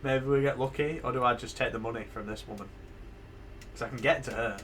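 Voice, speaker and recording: A man's voice: mid-range voice, fast, a bit bright, a little hiss or hum. A man casually live-streaming a game, thinking aloud, swearing freely and laughing. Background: game music.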